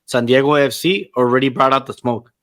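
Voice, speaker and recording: A man of ordinary pitch hosts a loose, profane podcast chat about wrestling. He gets excitable as he goes and drops Spanish phrases into his English. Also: a little fast. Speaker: podcast host. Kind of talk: casual chat.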